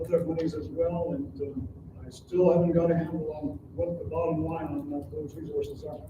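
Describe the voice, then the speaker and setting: A man chairs a council meeting in a brisk, businesslike way, calling on people and putting motions to a vote. His voice sits a little high and comes from some distance off. The council chamber sounds echoey and noisy, and the recording is muffled. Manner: brisk, calls on speakers and runs votes.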